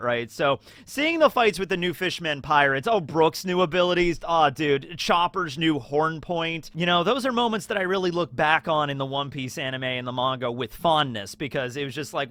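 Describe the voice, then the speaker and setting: An enthusiastic male host rambles through casual fan commentary, his voice slightly high and bright. The sound is dry and close, and he stacks up filler words as he goes. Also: expressive, moderate pace, no echo. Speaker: anime video host.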